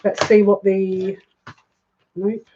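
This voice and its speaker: Chatty woman as a psychic card reader, mid-pitched voice, dull lo-fi recording. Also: little pitch movement, slow pace, noisy background. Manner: chatty, with emotional asides, reads aloud from a card book. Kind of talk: live tarot reading.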